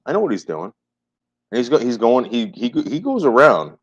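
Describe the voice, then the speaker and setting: A man's voice: mid-range voice, huge pitch swings, normal speed, slightly rough. A man chatting on a livestream, repeating his phrases emphatically and swearing freely. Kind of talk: casual livestream chat. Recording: muffled lo-fi livestream audio.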